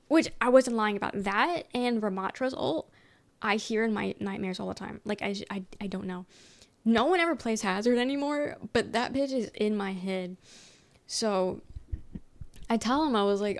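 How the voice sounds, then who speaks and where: A woman's voice: mid-range voice, normal speed. A young woman streamer casually rambling through a story, full of fillers and quoted back-and-forth. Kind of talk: casual chat.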